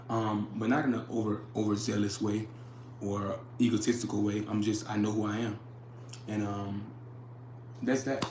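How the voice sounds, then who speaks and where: A man's voice: on the low side, a little mellow, reverberant, slight background noise. A young man hosting a casual livestream, talking earnestly, repeating his phrases and reading chat comments aloud. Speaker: livestream host.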